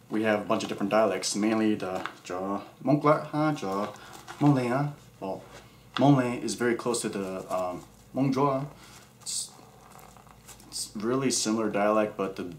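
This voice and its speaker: Playful male vlogger, offhand and jokey, echoey room. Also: fairly low pitch. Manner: jokey, playful, puts on silly quoted voices. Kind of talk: casual rambling vlog. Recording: echoey room with faint background hum.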